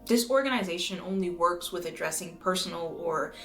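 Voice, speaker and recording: A woman from the United States reading a scripted video essay in an earnest, measured way, now and then swearing for emphasis. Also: lowish voice, fairly bright tone. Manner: earnest, measured, occasionally profane. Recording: roomy echo with faint music.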